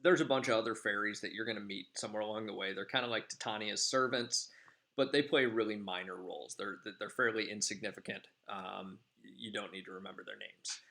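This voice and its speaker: A man's voice: lowish voice, steady tone, fairly quick, gravelly, pushed and bright. Casual rambling male teacher. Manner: casual, rambling, many filler ums. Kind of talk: classroom lecture summarizing a play.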